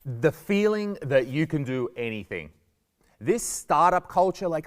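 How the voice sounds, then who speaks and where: Animated Australian man in a reverberant hall. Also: a little high, measured pace. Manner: animated, jokey, acts out quoted voices. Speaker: comedian giving a guest lesson. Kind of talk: lively stand-up style talk to students.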